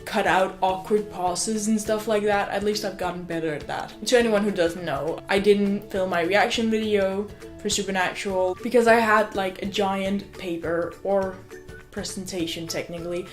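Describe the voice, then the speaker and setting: Young female vlogger talking at home, mid-pitched, rambling and excitable, faint music in the background. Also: normal speed. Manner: excitable, gushing, swears, many "like" fillers. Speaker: student vlogger. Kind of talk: casual rambling vlog chat. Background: faint music from another room.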